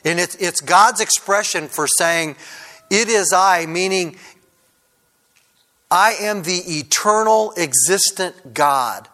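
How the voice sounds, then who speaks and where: A man's voice: high-pitched, takes it slowly, pushed and bright. Conversational man preaching a sermon. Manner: conversational, frequent "kind of" and "uh" fillers. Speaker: pastor.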